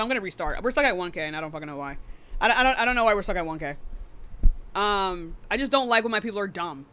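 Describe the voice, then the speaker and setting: Bright-voiced blunt woman streamer. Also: mid-range voice, animated, smooth. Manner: blunt and profane, quick to cut people off. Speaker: live debate streamer host. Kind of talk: heated live-stream debate.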